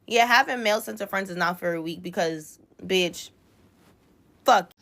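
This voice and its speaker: A woman of about twenty telling a story to camera in casual talk, animated and full of swearing. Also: fairly low pitch, normal speed. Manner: animated, profane, indignant.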